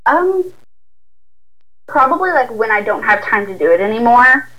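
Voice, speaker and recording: A woman's voice: fairly high pitch, sing-song, normal speed, sharp tone. A young woman with a Southern US accent, chatting as a guest in a laid-back way, full of "like" fillers. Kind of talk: casual chat. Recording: tinny phone line.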